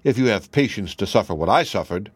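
Man putting on a sly high fox. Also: lively intonation, fairly quick, breathy edge, no room sound. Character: cunning sly male fox trickster.

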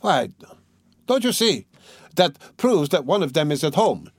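A man reading a story aloud, voicing an excited, insistent young male law student. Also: fairly high pitch, a little slow, breathy edge, no echo, studio quality, voice pushed up, full character voice. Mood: eager.

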